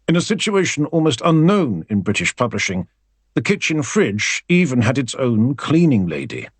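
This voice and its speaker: A male audiobook narrator tells the story wryly and expressively in a slightly husky, mid-range voice that rises and falls a lot. The recording is dry and close, with no echo.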